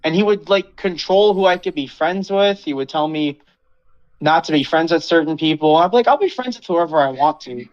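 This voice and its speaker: A man's voice: a little high, expressive, moderate pace, smooth. Swearing young man with a lo-fi mic. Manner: rambling, swearing, quoting others in a mocking voice. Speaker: podcast host. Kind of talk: casual venting story.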